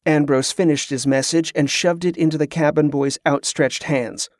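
A man narrating an adventure novel in an even, measured storytelling manner. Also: fairly high pitch, no room sound, clean studio sound. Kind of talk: audiobook narration.

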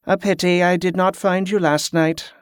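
A composed spell-working monk who speaks with measured courtesy and a quiet menace, as a male narrator voices him. His voice sits a little above the narrator's own and sounds dry and close. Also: high voice, flat delivery, clean tone, no echo, close to an everyday voice. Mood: coolly menacing. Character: calm, watchful monk who works spells.

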